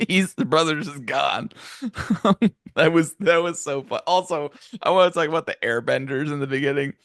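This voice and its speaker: A young man chats on a podcast with a gravelly, fry-edged voice. He is recorded dry and close. He laughs a lot, swears freely and slips into exaggerated character voices. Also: a little high, lively intonation, normal speed, a bit bright, no echo. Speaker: podcast co-host. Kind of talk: casual chat.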